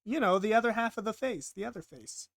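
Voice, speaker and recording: A man's voice: high voice, expressive, fast, vocal fry, a bit bright, no echo, clean studio sound. A man casually narrating while he draws, rambling and self-deprecating, often stammering and repeating himself. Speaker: art vlogger.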